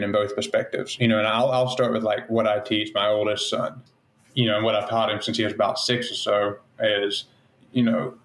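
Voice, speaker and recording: A man in his thirties with a fairly low voice, speaking in a measured, thoughtful way. He talks through his views in a casual podcast chat. His voice carries a roomy echo. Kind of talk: casual discussion.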